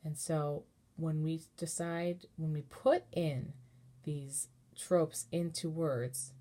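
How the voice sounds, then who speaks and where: A woman cantor giving a relaxed, patient lesson on chanting, explaining step by step and singing short chanted examples. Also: low-pitched. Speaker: cantor teaching Torah chanting. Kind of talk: informal online lesson with sung examples.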